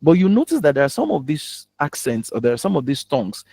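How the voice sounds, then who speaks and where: A man's voice: fairly high pitch, sing-song, fast talker, vocal fry, mellow, dry recording. A man with a Nigerian accent coaching on public speaking, in a teasing, humorous and direct way. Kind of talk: spoken teaching talk.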